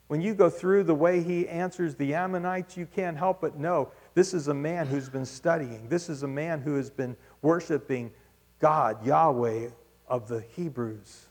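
A man's voice: fairly high pitch, unhurried. A man preaching a sermon with emphatic, rhetorical delivery. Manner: emphatic, rising to rhetorical questions. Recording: long hall reverb.

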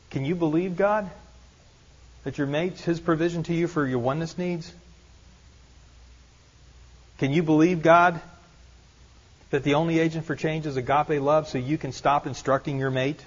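In a dull, lo-fi recording, a pastor with a slightly high voice delivers an earnest sermon at normal speed, pausing often, his intonation fairly even. He keeps repeating rhetorical questions and slips in some gentle self-deprecating humor.

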